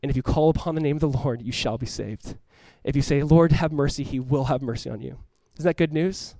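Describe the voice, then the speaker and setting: A male pastor preaching a sermon and closing in prayer, swinging between loud urgent calls and hushed quiet passages. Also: medium pitch, a little fast, dry recording. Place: church room with congregation.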